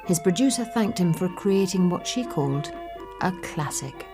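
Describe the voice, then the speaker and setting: A woman reading documentary narration in a measured, even-paced way. Her voice sits a little low. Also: over loud music.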